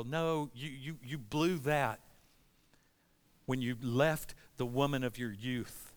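A man's voice: on the high side, unhurried, fairly bright tone. A middle-aged male pastor preaching a sermon, impassioned and conversational, reading scripture and acting out what God and churchgoers might say.

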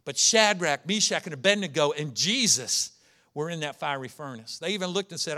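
High, bright-voiced preacher man. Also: brisk. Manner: animated storytelling, rhetorical questions. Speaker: pastor. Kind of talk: sermon.

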